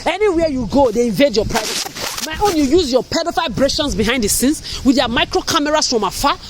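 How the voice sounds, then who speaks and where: A woman from Africa speaks straight to her viewers in a furious, accusatory rant. She curses freely and circles back to the same charges again and again. The delivery is harsh and relentless, with the steady, unscripted cadence of a spoken vlog. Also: sits high, fast talker, a little hiss or hum, poor audio. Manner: furious, repetitive, cursing, accusatory. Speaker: vlogger. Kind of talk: angry monologue rant.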